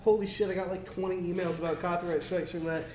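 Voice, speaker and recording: A man's voice: steady tone, fast, a little mellow. A man co-hosting a casual news chat stream, reading articles aloud and swearing offhandedly. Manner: profane, offhand, reads in a mock posh voice. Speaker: co-host. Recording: echoey room with faint rumble.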